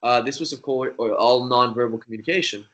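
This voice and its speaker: Bright-voiced young man telling a story. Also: medium pitch, a little fast. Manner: profane, rambling, animated. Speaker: magician guest. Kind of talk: casual storytelling.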